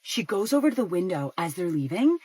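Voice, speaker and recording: A young woman casually narrating a gossipy story, animated and chatty, with lots of "like". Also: on the low side, brisk, breathy edge, no room sound, rough recording.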